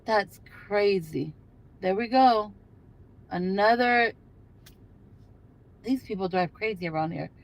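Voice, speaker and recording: An older woman chats away on a phone livestream from inside her car. She rambles easily between thoughts, filling the gaps with "you know" and "um", her pitch sitting in an ordinary middle range for a woman. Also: slow, long pauses, poor audio. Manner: chatty, rambling, lots of fillers and you-knows. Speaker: livestream host. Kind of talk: casual live chat with viewers. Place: in a parked car.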